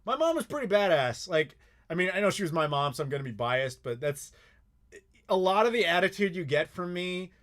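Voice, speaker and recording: A man hosting a live Q&A, telling stories in a blunt, profane, animated way. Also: high-pitched, brisk. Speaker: host answering live chat questions. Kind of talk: casual live Q&A chat.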